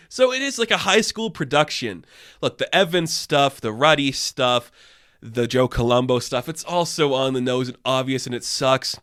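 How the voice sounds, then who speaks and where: A man's voice: on the high side, pushed and bright. A man giving a casual review, exasperated, sarcastic and swearing often. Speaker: video reviewer.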